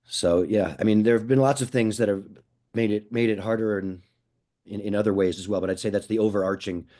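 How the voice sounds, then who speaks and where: A man's voice: on the low side, fairly even intonation, a little fast, warm tone. A man answering a panel question on a video call, speaking in an earnest, reflective way. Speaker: panelist and podcaster. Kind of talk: casual spoken answer.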